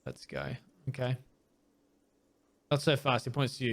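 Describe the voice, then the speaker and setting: A very animated man with a mid-range, fairly bright voice takes his time hosting a let's play. He reads the game's dialogue plainly, interjects wry asides, and sometimes trips over hard words.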